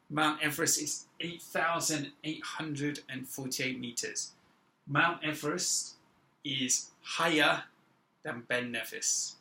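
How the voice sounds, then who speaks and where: A man teaching an English grammar lesson, speaking slowly and stressing each example word. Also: medium pitch, gravelly, bright, forceful tone, rough recording. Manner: slow, deliberate, stressing example words. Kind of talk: classroom-style grammar lesson.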